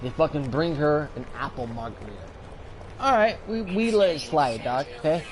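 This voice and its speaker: High-voiced man telling a heated story. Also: moderate pace, a little hiss or hum, rough recording. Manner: animated, profane, slangy storytelling; repeats himself and builds up heat. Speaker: gaming streamer. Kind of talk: casual storytelling while playing.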